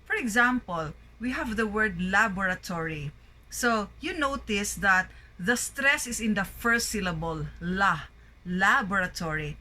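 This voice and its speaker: A woman from the Philippines with a Filipino accent teaches an English pronunciation lesson, slowly and deliberately drilling words one at a time. Her mid-range voice is animated, pushed and bright, in a low-quality recording.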